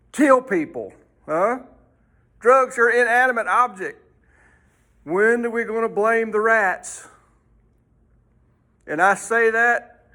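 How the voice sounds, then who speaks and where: A man's voice: high-pitched, pushed and bright. A man teaching a folksy Sunday school lesson, rambling and throwing in rhetorical questions.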